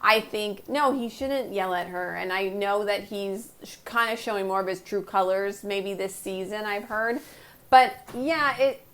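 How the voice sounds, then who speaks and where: A woman's voice: mid-range voice, a little slow, fairly bright tone. Agreeable gossipy woman co-host. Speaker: podcast co-host. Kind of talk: casual chat.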